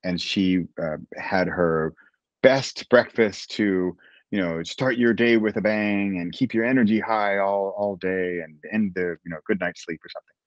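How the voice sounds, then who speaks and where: Brief: lively male author guest, lower voice, dry and muffled recording. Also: unhurried, dry recording. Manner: animated storyteller, frequent restarts. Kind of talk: casual interview chat. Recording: dull, dry lo-fi audio.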